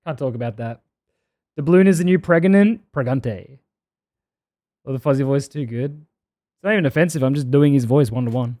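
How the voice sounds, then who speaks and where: This is a man with a fairly high voice, ranting casually on a live stream. He sounds loud, sarcastic and exasperated as he reacts to his chat. The sound is close and dry, with no room echo.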